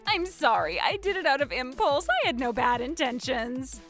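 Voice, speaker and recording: Woman doing all the voices in a drama story, high and swoopy, music under it. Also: very animated, normal speed, a bit bright. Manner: dramatic, shifts between characters. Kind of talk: acted story narration with many voices.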